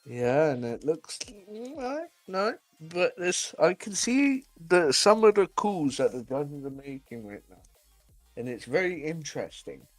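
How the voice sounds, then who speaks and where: A man's voice: fairly high pitch, very animated, measured pace, faint music behind. Laughing co-commentator man. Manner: teasing, laughs often. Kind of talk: live sim-racing commentary.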